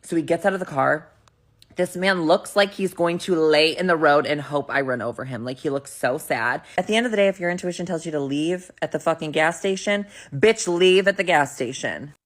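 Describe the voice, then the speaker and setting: Woman with a deep voice telling a date story straight and salty, filler-heavy. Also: a little fast. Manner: blunt, profane, full of "like". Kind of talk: casual storytime.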